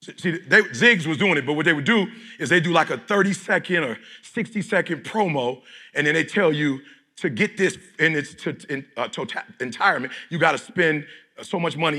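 A middle-aged man from Detroit giving a preachy motivational speech to a live audience, often shouting and leading call-and-response. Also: a little high, husky. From Detroit, United States. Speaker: motivational speaker.

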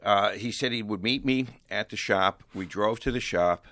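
A man as a guest on a casual podcast, telling a story in a relaxed, anecdotal way. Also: fairly low pitch, normal speed, dry recording. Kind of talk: casual chat.

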